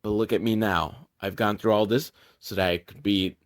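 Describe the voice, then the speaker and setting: A man voicing an earnest teenage punk boy, speaking softly and gently to a child. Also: fairly even intonation, normal speed, lightly acted. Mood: gentle. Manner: soft, gentle, low.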